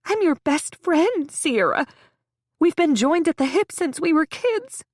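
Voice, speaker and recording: A woman voicing an overbearing, tearful young woman who gushes over her best friend in a shrill, drawn-out voice. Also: expressive, dry recording, clean studio sound. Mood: gushing. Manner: gushing, over the top.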